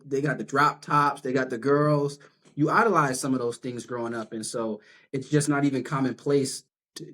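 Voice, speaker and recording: Earnest man, mid-pitched voice. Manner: earnest, emphatic, conversational. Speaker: guest, clinical social worker. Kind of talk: casual interview conversation.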